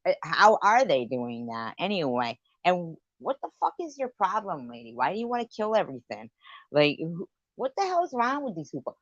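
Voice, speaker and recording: Low-voiced woman ranting on a stream. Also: sing-song, moderate pace, no echo, lo-fi sound. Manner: profane, rambling rant. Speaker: livestream host. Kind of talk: late-night live stream chat.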